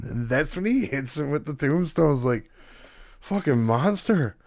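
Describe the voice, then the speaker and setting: Animated, profane man chatting. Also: fairly high pitch, normal speed, long pauses, no room sound. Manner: profane, animated, laughs often. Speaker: podcast co-host. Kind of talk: casual chat reviewing wrestling.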